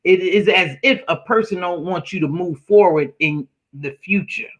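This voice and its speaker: A man with a high-pitched, fairly bright voice speaks at a normal speed. He's the host of a casual online panel chat held over a video call, and he's reflective, talking straight to his viewers.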